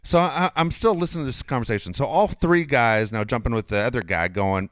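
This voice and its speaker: A middle-aged man co-hosting a casual chat show, telling a story animatedly, swearing freely and loudly acting out his own outbursts. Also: medium pitch, fairly quick, no room sound, studio quality. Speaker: podcast co-host.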